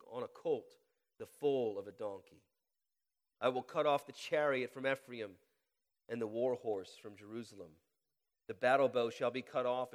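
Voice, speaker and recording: A male pastor with a head cold preaches in a church, his voice carrying a long reverb through the hall. He reads scripture with a deliberately slowed cadence, rising in volume on key lines. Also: mid-range voice. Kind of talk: sermon with scripture reading and prayer. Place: church sanctuary.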